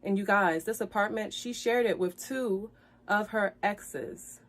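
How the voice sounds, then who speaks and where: A woman speaking tells viewers about a painful breakup on a live stream. Her voice sits at an ordinary middle pitch. She is upset and close to tears, circles back over her own phrases, and climbs loud and heated as she gets into the fights. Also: unhurried. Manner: addresses viewers directly, repeats phrases, grows loud and heated when recounting fights. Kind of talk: emotional live-stream storytelling.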